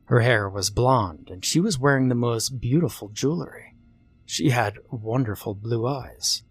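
A man telling a first-person horror story, expressive and acting out the dialogue. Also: mid-range voice, unhurried, slightly rough, soft background music.

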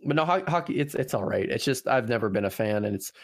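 A young man with a light Canadian accent chats as a podcast guest, rambling through restarts and swearing often. His pitch is mid-range but moves a lot, giving the talk an animated feel. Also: fast. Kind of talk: casual chat.

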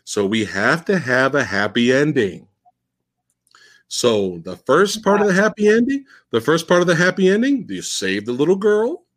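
A male podcast host with a fairly high voice that swoops up and down. He retells a film's plot in a casual, profane and mocking way, piling on sarcasm as he goes. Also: very animated, normal speed. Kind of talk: casual podcast film discussion.

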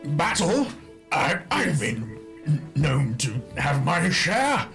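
Brief: man voicing a stooped, proud old adventurer for a tabletop game, slow and stately, pitch swinging widely, faint music under it. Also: very animated, gravelly, fairly bright tone, exaggerated voice. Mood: proud, indignant. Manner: stately, formal old-fashioned speech. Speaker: player. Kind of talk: in-character tabletop role-play.

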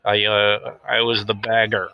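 A man's voice: on the low side, monotone, unhurried, gravelly, lo-fi sound. A man playing an earnest young self-styled safety officer in an improvised mock interview, talking hesitantly with many fillers and getting defensive.

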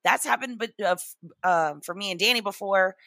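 A young woman co-hosting a casual podcast chat, chatty and quick to laugh. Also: medium pitch, vocal fry, fairly bright tone, no room sound, clean studio sound. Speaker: podcast co-host.

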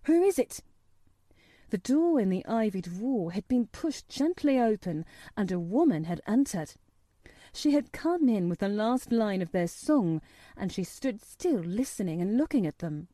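A woman narrating an audiobook in a gentle, measured storytelling manner. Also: mid-range voice, big pitch swings, no room sound. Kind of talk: audiobook reading.

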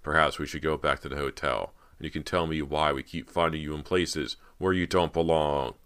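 A man voicing a suspicious male stage director who speaks softly but sternly in an audiobook. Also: a bass voice, fairly even intonation, a little fast, clear, resonant tone. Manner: soft-spoken, stern.

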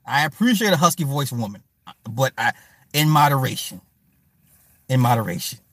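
With a sing-song lilt and medium pitch, a man hosts a livestream, joking loosely and profanely while calling out viewers in chat by name. He talks at a moderate pace in a fairly bright tone, with no echo.

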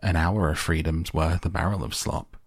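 A man voicing a bossy, loud farmyard goose, with a high, shrill and urgent manner. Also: steady tone, moderate pace, creaky, husky, no room sound, studio quality, full character voice. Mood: scolding.

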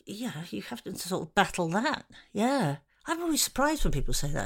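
A woman's voice: medium pitch, sing-song, brisk. A middle-aged woman from Ireland, a comedian, talking frankly and self-deprecatingly about her life in an interview, often laughing through her stories. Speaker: comedian guest. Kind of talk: candid conversational interview.

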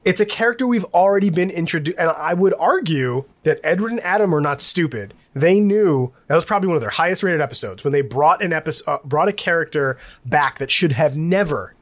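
A man co-hosting a casual TV recap podcast, rambling and animated, laughing often. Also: fairly high pitch, brisk, hardly any pauses. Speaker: podcast co-host.

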